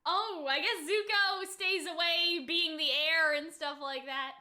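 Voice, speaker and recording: A young woman chatting casually while reacting to a cartoon episode, excitable and squealing over cute animals. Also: extremely high pitch, a little slow. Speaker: reaction streamer.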